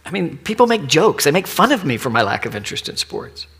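Gravelly, husky middle-aged preacher. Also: male voice, fairly high pitch, sing-song, fast talker. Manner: personal storytelling, dropping to hushed, near-whispered asides. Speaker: pastor. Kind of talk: sermon.

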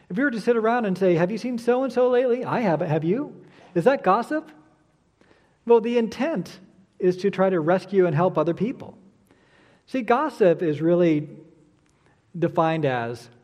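A middle-aged man preaching with a slightly high voice that carries a long hall reverb. He talks in an animated way and slips into the voices of the people he describes. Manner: animated, acts out quoted voices. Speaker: pastor. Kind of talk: sermon.

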